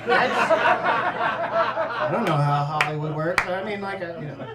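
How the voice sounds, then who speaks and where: A male stand-up comedian telling a story in an animated way, acting out characters and swearing often, on stage in a comedy club. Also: sits high, slow, pauses often, heavy background noise. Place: comedy club with live audience. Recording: roomy club recording from far off with crowd laughter.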